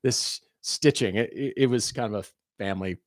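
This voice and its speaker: A man's voice: fairly low pitch, moderate pace, no room sound, clean studio sound. A man co-hosting a live-streamed car podcast, telling rambling stories and reading out audience questions. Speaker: podcast co-host. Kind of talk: casual live-stream chat.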